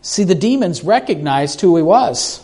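A man's voice: high voice, big pitch swings, moderate pace, mellow. A man preaching a sermon in a conversational way, asking his listeners questions and restarting his sentences as he talks off the cuff. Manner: repeats words and restarts when speaking off the cuff.

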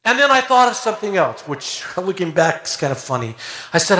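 A man's voice: high voice, fairly quick. An older man preaching a sermon, telling stories with rising energy and leading a prayer. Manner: animated storytelling that rises to near shouting. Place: church sanctuary. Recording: echoey church room.

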